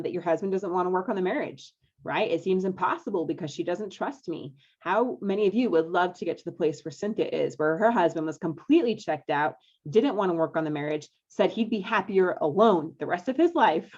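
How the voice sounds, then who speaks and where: Woman, marriage coach, live webinar, low-pitched, coaxing, upbeat, dull lo-fi sound. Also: darkish tone. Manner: upbeat, coaxing, checks in with listeners often. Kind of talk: live online masterclass talk.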